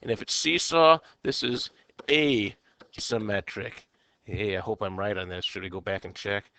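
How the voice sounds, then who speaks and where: A man's voice: fairly low pitch, measured pace, bright, forceful tone, a little hiss or hum. A man teaching a recorded chemistry lecture, talking himself through problems with playful asides and quirky exclamations.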